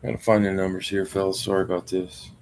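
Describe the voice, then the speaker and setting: Low gravelly guy muttering and griping on a stream, faint room noise. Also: flat delivery, quick pace, darkish tone. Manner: grumbling, frustrated, muttering to himself. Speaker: host filling a football squares board. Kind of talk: casual live-stream chat.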